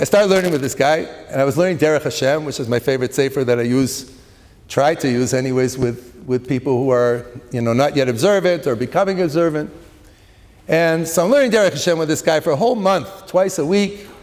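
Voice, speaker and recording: A middle-aged man, a rabbi, telling stories in an animated way during a seminar talk, sprinkled with Hebrew and Yiddish terms. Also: a little high, a little fast. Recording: long hall reverb.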